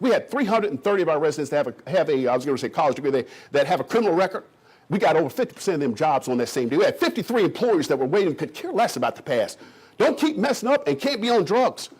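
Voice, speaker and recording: A middle-aged man from Kentucky giving an animated presentation to a room of realtors. He is folksy and emphatic and talks straight to the audience. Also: fairly high pitch, slightly rough. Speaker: economic development official.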